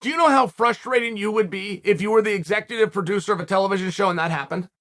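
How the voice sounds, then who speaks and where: A man holds forth on his own show in a loud, cocksure monologue, talking straight to his audience. His voice sits very high for a man, and the tone is bright and forceful. He hammers his points home with full confidence. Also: fast. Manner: brash, self-assured and emphatic, addressing viewers as "guys". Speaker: podcast host. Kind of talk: casual commentary monologue.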